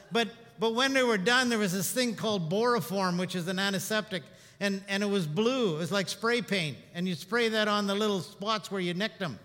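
A male pastor preaching a sermon, telling stories and moving between hushed reflection and animated telling. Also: high voice, in a large hall.

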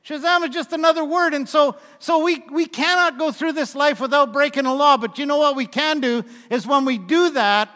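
A man's voice: very high voice, normal speed, hardly any pauses, sharp tone. A man in his sixties preaching a conversational sermon, telling folksy stories with asides to the congregation. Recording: long reverb of a large hall.

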